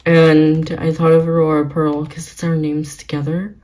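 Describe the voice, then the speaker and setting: A young woman vlogging as she plays a video game, giggly and gushing, often breaking into excited exclamations. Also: low voice, moderate pace, few pauses, poor audio. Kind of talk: excited gaming vlog commentary.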